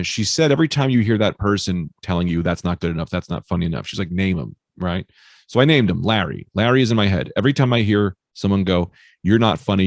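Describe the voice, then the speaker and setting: A stand-up comedian with a low, rough voice chats casually as a podcast guest, swearing freely and telling stories. He animatedly acts out quoted voices, recorded on a dry mic with no room sound.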